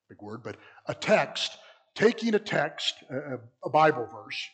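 A man leads a church Bible lesson in a loose, conversational way. He keeps putting questions to his listeners and often breaks off to restart a sentence. His voice sits a little high and has a husky grain. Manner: conversational, asks the audience questions, rambling restarts. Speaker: preacher teaching a church class. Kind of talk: interactive Bible teaching.

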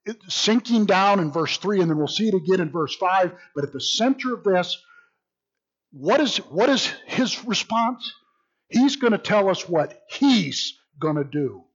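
A man leads a Bible study with a somewhat high, husky voice that swings widely in pitch. His delivery is animated and sardonic, full of wry asides. The recording is dull and lo-fi. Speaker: Bible teacher.

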